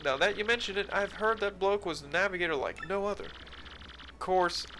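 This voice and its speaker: A gossipy townsman from a video game, voiced by a man, slangy and chatty. His bright, forceful voice sits slightly high. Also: moderate pace, slight background noise.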